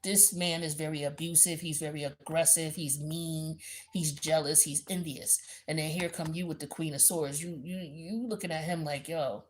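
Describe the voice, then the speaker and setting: A woman giving a blunt, animated tarot reading in a casual, profane, slangy way. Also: low-pitched, moderate pace. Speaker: tarot reader.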